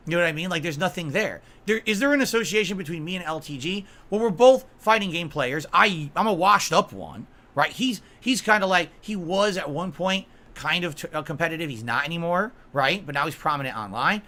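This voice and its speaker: A man's voice: on the high side, animated, a little fast, hardly any pauses, bright, forceful tone. A man on a livestream, ranting in an aggrieved, emphatic way, swearing and asking his viewers "right?" again and again. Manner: aggrieved, repeatedly asks "right?" and "okay?". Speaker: streamer.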